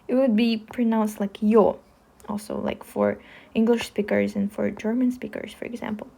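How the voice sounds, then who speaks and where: A young woman with a Russian accent teaching the alphabet, speaking slowly and spelling out each sound with care. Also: on the high side, gravelly, a little mellow. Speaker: language teacher. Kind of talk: slow alphabet lesson.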